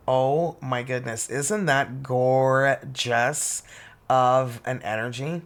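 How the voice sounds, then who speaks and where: A gushing, excitable tarot reader from Canada talks straight to camera in a casual reading. The voice has a bright, sharp edge and pitch sits mid-range. They exclaim over every card and laugh often.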